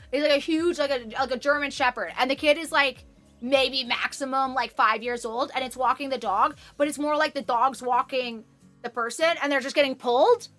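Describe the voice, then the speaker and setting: Young woman from Canada, high bright voice, rambling casual stream chat, faint music underneath. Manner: rambling, self-deprecating, swears casually. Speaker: livestreamer. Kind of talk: casual chat with viewers while sewing.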